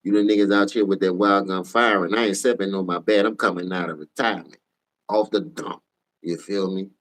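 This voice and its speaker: A tired man with a New Orleans accent ranting profanely on a casual sports livestream, switching between low mumbles and loud outbursts. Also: steady tone, brisk. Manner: profane, heated, jumps between mumbling and shouting.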